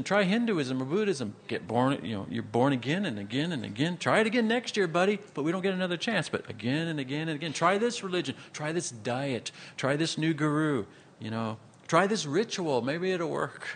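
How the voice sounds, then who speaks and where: A male pastor delivers a sermon in a somewhat high voice, rising to loud emphatic lines and dropping to slow, hushed phrases. He slips into casual asides with fillers. Faint noise sits under the recording. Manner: animated preaching, swinging from loud emphasis to slow quiet phrases.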